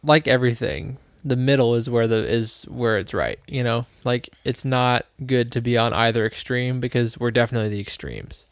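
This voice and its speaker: A man's voice: mid-range voice, moderate pace, few pauses, smooth, no echo. A man co-hosting a podcast, thinking aloud in a loose, rambling way with many restarts. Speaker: podcast co-host. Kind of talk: casual chat.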